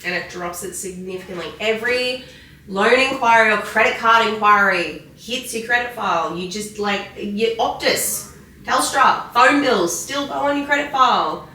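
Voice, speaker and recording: An Australian woman and mortgage broker telling a lively anecdote in casual podcast chat, acting out the people in her story. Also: on the high side, moderate pace, a little hiss or hum. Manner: lively storyteller who acts out the other people in her stories. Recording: echoey room, distant mic.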